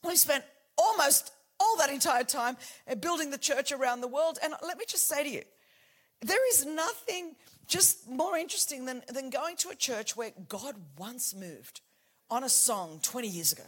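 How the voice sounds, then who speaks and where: A preacher in her forties gives a fervent sermon in a high, bright, expressive voice at normal speed. Passionately, she sinks to near-whispers for intimate moments and then climbs to shouted declarations.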